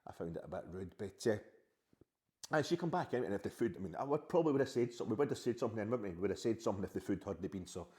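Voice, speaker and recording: A middle-aged Scottish man with a lowish, mellow voice rattles along quickly in a comic podcast monologue. He rambles sheepishly, breaking off to answer back to his wife. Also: expressive. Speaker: podcast host.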